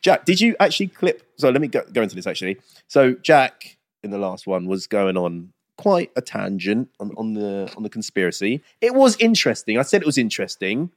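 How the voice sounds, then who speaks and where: Young guy, lively swooping pitch, dry close sound, teasing podcast banter. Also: a little fast, few pauses, dry recording. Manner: animated, laughing, teasing. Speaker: podcast co-host. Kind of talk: casual banter.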